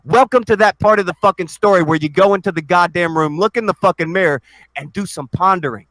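A man's voice: high voice, fast talker, fairly bright tone, no echo, rough recording. A man taunting and cursing aggressively in a heated live-stream argument.

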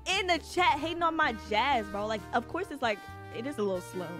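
Lively high-voiced woman streamer. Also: fairly quick, music in the background. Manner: excitable, shrieks and laughs often. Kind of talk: live gaming commentary.

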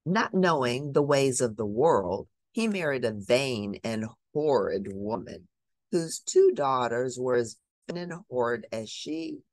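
Woman, storybook reader, expressive, very low voice, dry sound. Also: takes it slowly, no echo. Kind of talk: reading a picture book aloud.

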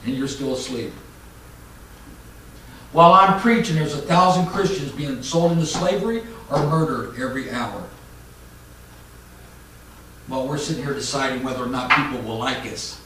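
A man preaching a fiery sermon, swinging from loud mocking shouts to low, intense warnings. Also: moderate pace, long pauses, a little hiss or hum. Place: church hall. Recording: echoey church hall mic from a distance.

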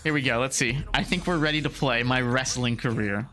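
A gaming video creator doing let's play commentary, excitable, laughing a lot and yelling and swearing at the game. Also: medium pitch, fairly quick. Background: game music.

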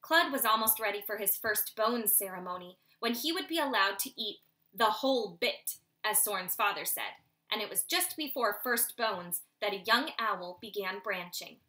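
A woman reading a children's novel aloud in steady storytelling narration. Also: medium pitch, normal speed. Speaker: audiobook reader. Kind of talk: scripted audiobook narration.

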